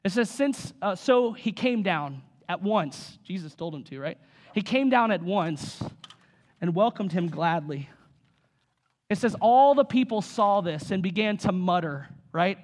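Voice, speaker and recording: A man's voice: high voice, expressive. A man preaching a sermon in a conversational way, asking the room questions and acting out what people might say. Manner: conversational, acts out voices with quick asides. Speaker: pastor.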